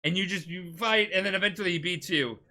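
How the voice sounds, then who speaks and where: A man's voice: sits high, fast talker, pushed and bright. A tipsy man hosting a podcast, rambling through a video game story in a casual comedic retelling, swearing often and restarting words. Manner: rambling, swears a lot, restarts mid-word.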